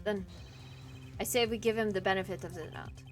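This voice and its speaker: Brief: a woman playing an old courtroom judge, high, loud and flustered. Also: fairly even intonation, a little fast, soft background music, natural voice. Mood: stern.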